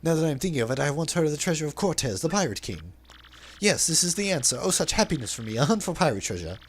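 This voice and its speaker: A man's voice: fairly high pitch, very animated, fast talker, slight background noise. A man voicing a flamboyant, pompous male trader and sailor in a video game dub, with grandiose, overly formal phrasing. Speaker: let's play dubber.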